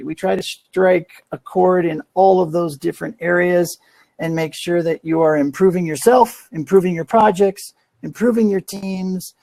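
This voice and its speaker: A man's voice: high-pitched, creaky, a little mellow, no echo. A man hosting a live online community show, talking casually with lots of fillers and an upbeat push. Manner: rambling, filler-heavy, upbeat. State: out of breath. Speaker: podcast host.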